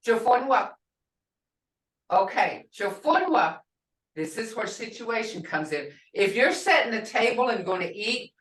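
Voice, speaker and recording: Slow, patient older woman teaching. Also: medium pitch, fairly bright tone. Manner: slow, patient, repeats words for learners. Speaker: language teacher. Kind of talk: language class teaching. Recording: roomy and distant from the mic.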